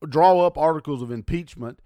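A man's voice: fairly high pitch, brisk, dark tone, no room sound. A middle-aged man, hosting a talk show and ranting angrily about politics, swearing often and sneering sarcastically. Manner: profane, heated and sarcastic. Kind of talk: angry political rant.

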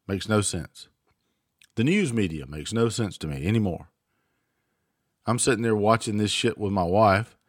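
A man with a fairly low voice hosts his own show, ranting and cursing freely. The sound is dry and close, with no room echo. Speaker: show host. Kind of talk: political commentary monologue. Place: home.

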